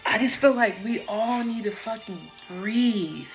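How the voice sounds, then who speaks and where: A woman's voice: a little high, measured pace, faint music behind. A woman talking casually and frankly into her phone about meditation and personal growth, swearing freely. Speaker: vlogger. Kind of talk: casual spiritual monologue.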